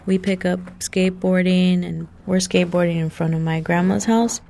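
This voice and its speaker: A woman's voice: lowish voice, little pitch movement, normal speed, gravelly, background noise. A young woman telling a personal story in a casual way, full of "like" fillers.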